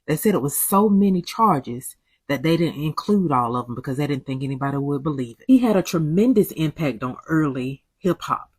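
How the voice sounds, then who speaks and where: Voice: mid-range voice, animated, fairly quick, a little mellow, slightly rough, no echo. A voice-over narrator delivering conspiracy claims in an insinuating, matter-of-fact way.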